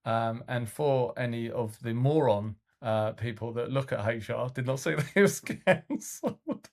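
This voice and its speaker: A man with a medium-pitched, unhurried voice co-hosts a casual podcast and coaches youth football. He tells coaching stories in a rambling way, full of fillers and restarts.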